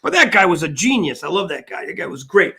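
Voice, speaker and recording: A man's voice: high voice, sing-song, fast talker, sharp tone, slightly rough. An older man co-hosting a sports podcast, rambling and repeating himself as he banters and tells stories. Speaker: podcast co-host.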